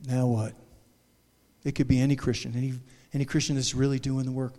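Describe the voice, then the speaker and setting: A man preaching a sermon as pastor in a church, animated and emotional, with restarts and sudden loud bursts. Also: mid-range voice, a little fast, pauses often, in a large hall. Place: church sanctuary.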